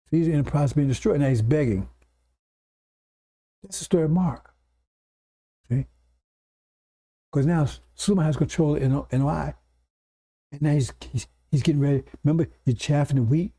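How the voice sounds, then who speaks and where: A man preaching a scripture lesson to a congregation, explaining point by point and often checking in with quick "see?" and "right?" asides. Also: fairly high pitch, dark tone. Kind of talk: sermon lecture to congregation.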